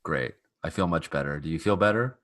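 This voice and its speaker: A man voicing a gloomy, nihilistic young woman mech pilot in a tabletop game, speaking in a flat, dark deadpan. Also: rumbling low, fairly quick, pitched below the performer's own voice. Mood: sarcastic.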